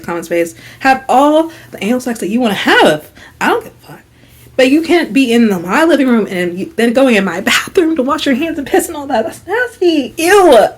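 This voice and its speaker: A young woman vlogger telling a storytime tale, frank and gossipy, swearing freely and acting out quotes. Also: medium pitch. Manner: animated storytelling with acted quotes. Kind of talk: storytime vlog.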